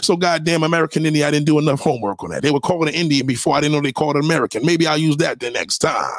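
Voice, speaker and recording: A man giving heated, profane reaction commentary on a clip, mocking and now and then breaking into sudden loud outbursts. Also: a little high, animated, racing, dry recording.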